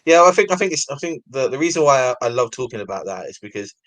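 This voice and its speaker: A man's voice: mid-range voice, sing-song, fast talker, fairly bright tone, no room sound. A man in his thirties with an English accent hosting a casual interview, loose and full of "sort of" fillers. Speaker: podcast host, interviewer.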